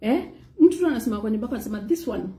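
Woman preacher; high, mellow voice; animated delivery with "praise God" asides. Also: racing. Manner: animated preaching, mixing in Swahili phrases and frequent "praise God". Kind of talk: sermon.

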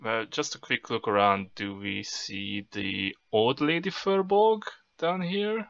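A man's voice: mid-range voice, takes it slowly, creaky, fairly bright tone, no echo, highs cut off. A man playing a tabletop game, asking casual questions. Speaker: player.

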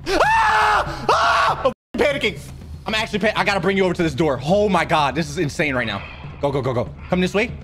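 A man's voice: a little high, fast talker, a bit bright, soft background music. A young man streaming a horror game, panicking, yelping and muttering to himself. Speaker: gaming streamer. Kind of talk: live horror game commentary.

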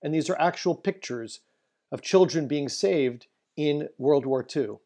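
A man, a rabbi, giving a solemn Holocaust history presentation, telling a family story and slowing down for emphasis. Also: on the high side, mellow.

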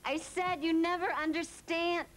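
An actress playing an emotional, sharp-tongued young woman in a 1990s sitcom. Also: high-pitched, lively intonation, moderate pace. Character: young woman, dramatic and quick-tempered. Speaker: sitcom character. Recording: hissy old TV broadcast.

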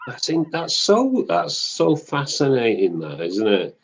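A man's voice: mid-range voice, huge pitch swings, measured pace, gravelly, husky. A middle-aged man from Manchester, a soap actor guest, chatting casually and rambling through anecdotes with a chuckle. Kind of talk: casual chat on a web show.

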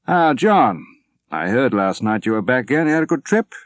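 A man doing a booming old general. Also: sing-song, normal speed, no room sound, close to an everyday voice. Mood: jovial. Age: older. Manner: booming, cheerful, emphatic. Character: elderly retired general, hearty and jovial.

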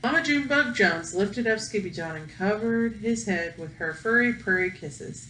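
A woman teacher reading a picture book aloud to her pupils, expressive and playful, breaking into song. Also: medium pitch, slight background noise. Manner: slow, expressive, sings along with the story. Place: room at home. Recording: roomy echo, faint ambience.

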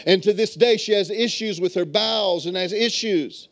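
A gravelly, high-pitched male voice delivers a sermon at moderate pace from a church sanctuary. The speaker, a bishop who came to Texas as an adult, weaves in stories and prompts the congregation to respond.

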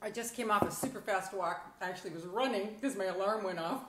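A woman's voice: mid-range voice, fast, noisy background. Chatty woman live streaming on a phone. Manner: chatty, bubbly, laughs often. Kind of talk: casual live stream talk. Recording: echoey room on phone mic.

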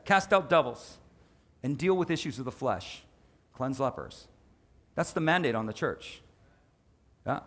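A male pastor with a medium-pitched voice delivers a sermon in a lively, conversational style. He tosses in quick asides and abruptly changes his volume.

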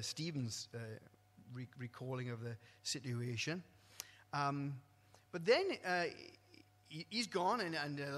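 A man preaching a sermon, swinging from loud exclamations to quiet, low asides. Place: church hall. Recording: long echo of a church hall.

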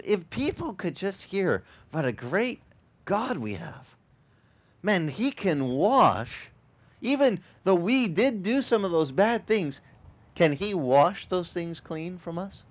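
A man preaching a sermon as pastor, animated and acting out the voices of the people he quotes. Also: high voice. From Sicilian family background. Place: outdoor beach service.

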